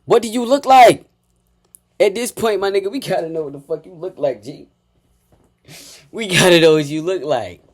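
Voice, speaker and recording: A man giving a heated, profane reaction rant, taunting and repeating insults, swinging from low mutters to loud outbursts. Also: a little fast. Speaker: reaction commentator.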